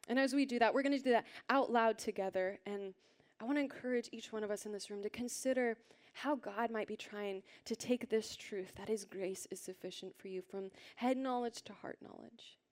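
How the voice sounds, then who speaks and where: A woman preaches to a congregation in a slightly high voice. She is earnest and gentle, and she often lets her words sink into a soft, breathy near-whisper. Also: normal speed. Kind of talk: sermon. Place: church hall with a congregation.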